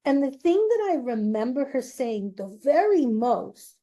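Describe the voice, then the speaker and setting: A middle-aged woman hosting her own show, slowly and earnestly telling a personal story in a confiding way. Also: high-pitched, very animated, warm tone. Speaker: host.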